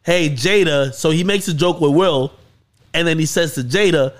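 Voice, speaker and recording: A man hosting a podcast, telling a story in casual chat with lots of swearing and excited peaks. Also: fairly high pitch, normal speed. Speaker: podcast host.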